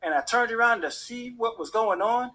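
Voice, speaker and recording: A man telling a personal story in an animated way, acting out the people in it. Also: very high-pitched, moderate pace. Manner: animated, acts out the voices of people in his story. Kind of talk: personal story told to an audience.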